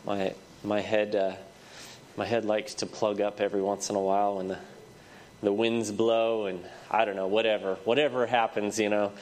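Stuffy-nosed preacher guy, lowish voice, says amen constantly, stumbles and restarts, church mic. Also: flat delivery, a little mellow. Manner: repeats amen often, halting restarts. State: congested, stuffy head. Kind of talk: sermon. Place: church sanctuary. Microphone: microphone.

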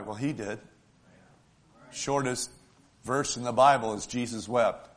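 Emotional preacher man, swelling and hushing. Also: mid-range voice, fairly even intonation, unhurried, pauses often. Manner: emotional, swells loud then drops soft; folksy, asks the congregation "right?". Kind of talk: sermon.

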